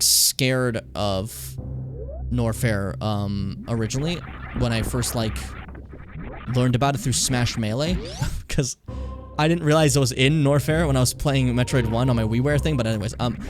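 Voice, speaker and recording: A man streaming a game live, talking casually in a rambling, profane way while he plays. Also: mid-range voice.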